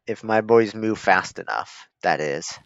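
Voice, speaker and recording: Slow, joking male streamer. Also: fairly low pitch, gravelly, no echo. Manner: joking, chuckling, talks to his troops. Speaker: gaming streamer. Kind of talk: casual gameplay commentary. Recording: dull lo-fi mic.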